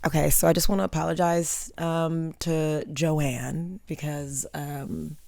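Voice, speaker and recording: A young adult woman from Long Island, a comedian guest telling stories in animated, casual podcast talk, often laughing. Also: sits low, takes it slowly, creaky, no room sound, clean studio sound. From Long Island, New York.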